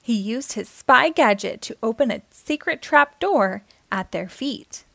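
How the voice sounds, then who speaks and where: A woman reading a children's picture book aloud, narrating with expressive storytelling. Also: fairly high pitch, a little slow, vocal fry, no room sound. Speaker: storytime reader.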